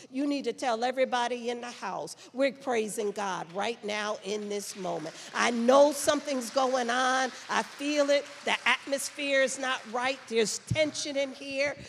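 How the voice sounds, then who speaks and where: A woman's voice: medium pitch, in a large hall. A woman pastor preaching a sermon, repeating phrases and building in intensity. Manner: preaching with rising intensity and repetition. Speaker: senior pastor. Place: church sanctuary.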